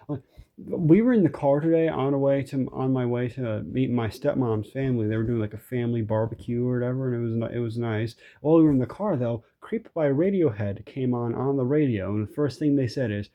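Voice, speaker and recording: A young vlogger records a frustrated, rambling vent, swearing often and restarting his sentences. He speaks briskly at a medium pitch with a warm tone.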